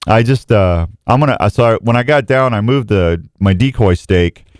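A man's voice: fairly low pitch, animated, normal speed. A middle-aged radio host chats loosely in a studio, his voice rising and falling freely as he rambles. He restarts sentences constantly and pokes fun at himself. The sound is close and dry, with no room echo. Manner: rambling, self-mocking, jokey, many restarts. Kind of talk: casual morning radio chat.

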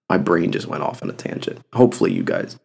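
Young male podcast host, low gravelly voice, blunt and profane, impassioned solo talk. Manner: blunt, heavy cursing, impassioned.

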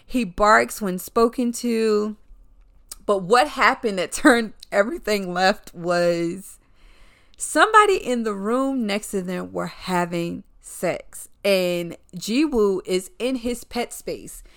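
A woman's voice: mid-range voice, animated, takes it slowly, vocal fry, fairly bright tone. A woman recapping a film in a casual, candid and profane chatty way.

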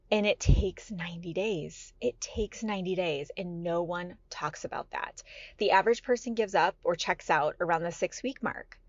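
Woman podcaster rambling excitedly, lots of likes and rights, kinda muffled audio. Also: mid-range voice, no echo. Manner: animated, chatty storytelling with lots of fillers. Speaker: podcast host. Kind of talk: casual monologue.

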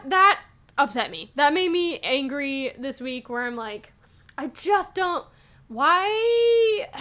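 A young woman hosting a podcast, talking casually and venting about online comments, with frequent laughs. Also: high voice. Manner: animated, venting, laughs often. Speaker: podcast host. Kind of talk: casual solo podcast talk.

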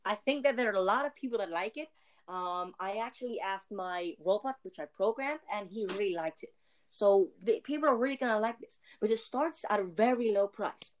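A man voicing an overeager male inventor who pitches his gadget in a rambling way and keeps repeating "innovative". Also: fairly quick, lightly acted.

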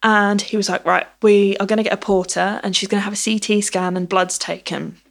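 A woman's voice: medium pitch, steady tone, a little fast, vocal fry. A woman telling a personal story in casual conversation, acting out the dialogue as she goes. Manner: chatty, acts out dialogue with "I was like".

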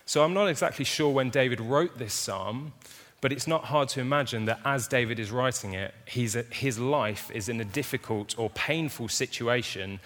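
A man's voice: medium pitch, moderate pace, fairly bright tone, long reverb tail. A man preaching a sermon to a congregation, talking casually and telling stories with touches of humor. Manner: casual, conversational storytelling with humor. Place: church hall with an audience.

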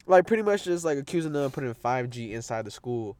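A man's voice: medium pitch, fast, hardly any pauses. A young man in casual chat, telling stories in heavy slang with lots of swearing. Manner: slangy, profane, storytelling.

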